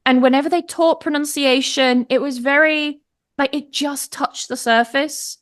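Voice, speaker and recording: Her voice is high-pitched and her pace measured. She is a British-accented pronunciation teacher in her thirties, guesting in a casual conversation where she tells stories with animation, frequently laughs and acts out quotes.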